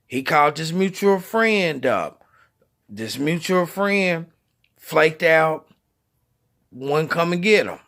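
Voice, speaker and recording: Slow-talking high-voiced man telling trucker tales. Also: gravelly. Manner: slangy, profane, laughs while telling; acts out quoted voices with lively pitch. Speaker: truck driver telling stories. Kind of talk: casual storytelling to camera.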